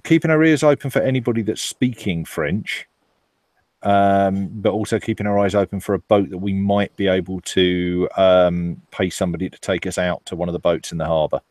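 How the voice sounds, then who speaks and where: A man playing a tabletop game, thinking aloud in a halting way. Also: low-pitched, a little mellow, no room sound, clean studio sound. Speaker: player. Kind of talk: casual tabletop play.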